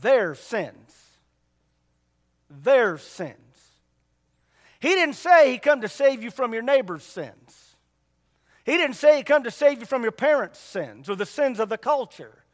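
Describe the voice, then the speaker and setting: Male pastor, unusually high pitch, folksy repetitive preaching, reverberant hall. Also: expressive, normal speed. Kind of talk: sermon. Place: church.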